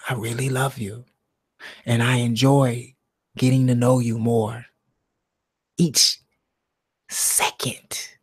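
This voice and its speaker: Man, slow unhurried delivery, meditative live-stream monologue, drops to near-whisper, medium pitch. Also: little pitch movement, slightly rough. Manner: slow, drawn-out, swings between loud emphasis and near-whisper. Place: alone at home.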